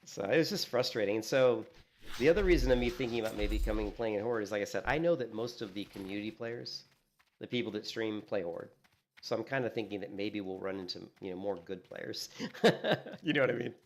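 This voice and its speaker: A man streaming a game, chatting casually and telling animated stories, acting out what others said and filling in with "you know" and "like". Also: lowish voice, brisk, a little hiss or hum. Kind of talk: casual gaming stream chat.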